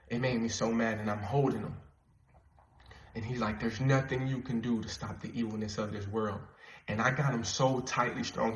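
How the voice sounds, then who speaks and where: Man, podcaster, casual storytelling, earnest, rambling, repeats words, mid pitch, echoey room. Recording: roomy echo.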